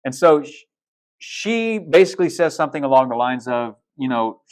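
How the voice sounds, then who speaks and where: A man's voice: medium pitch, animated, moderate pace. A male pastor preaching a sermon in a casual, storytelling way, retelling film scenes with blunt asides and restarts.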